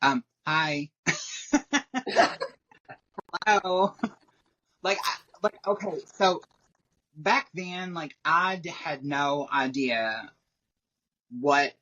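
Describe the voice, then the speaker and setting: A woman's voice: sits low, drawn-out words, long pauses, pushed and bright. A woman talks as a podcast guest in a casual, rambling way, filling her sentences with "like" and laughing often. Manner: rambling, heavy use of "like", frequent laughter. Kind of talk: casual interview chat. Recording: dull lo-fi recording.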